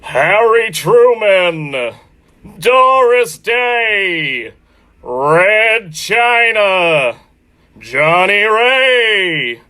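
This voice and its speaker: A booming old-time announcer. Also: male voice, very animated, sharp tone, heavily acted. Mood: announcing. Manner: drawn-out booming announcer delivery.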